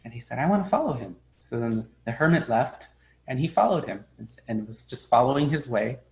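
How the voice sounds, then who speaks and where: A man teaching as a Buddhist teacher in a dharma talk, speaking in a relaxed, halting way with many fillers and restarts, and telling stories in which he briefly acts out the people he quotes. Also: mid-range voice, creaky, low-quality recording.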